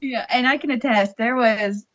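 A woman co-hosting a podcast, chatting casually and acting out her own reactions in a lively way. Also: fairly high pitch, moderate pace, lo-fi sound. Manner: lively, acts out her own past thoughts in raised voice. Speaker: podcast co-host. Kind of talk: casual chat.

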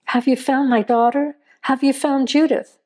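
A woman's voice: moderate pace, warm tone, close to an everyday voice. Woman doing a frantic, tearful young mother. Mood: desperate. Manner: breathless, pleading, rising to shrill.

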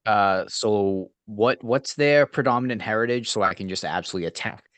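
Deep-voiced deadpan man. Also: fairly quick, no echo. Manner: dry, deadpan quips. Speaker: podcast co-host. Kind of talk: casual chat.

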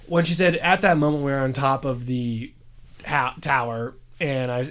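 A man's voice: mid-range voice, steady tone, normal speed, a bit bright. A man co-hosting a podcast, recapping a show in casual chat with joking asides. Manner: joking, rambling, with playful asides. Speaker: podcast co-host.

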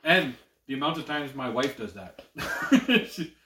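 A man's voice: mid-range voice, very animated, measured pace, a little hiss or hum. A married man hosting his own podcast in loose chat. He swears freely and laughs a lot. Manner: loud, profane, laughs often. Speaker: podcast host. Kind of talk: casual chat. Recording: echoey room, mic at a distance.

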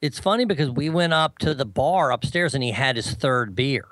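Animated man telling a story. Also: moderate pace, dry recording. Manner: animated storyteller, mimics others in a high voice. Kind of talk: casual chat.

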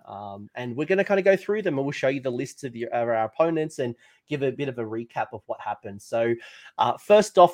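A man co-hosts a casual tabletop gaming chat. His voice sits in a middle pitch, and he rambles in a loose, self-mocking way about his bad luck. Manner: chatty, self-mocking, animated complaining. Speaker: podcast co-host.

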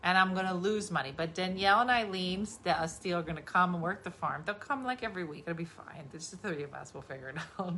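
A woman's voice: on the low side, fast talker, few pauses, pushed and bright, slight background noise. A middle-aged woman from New Jersey, a comedian, chatting casually with her kid in a dry, teasing, sarcastic way. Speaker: comedian and podcast host.

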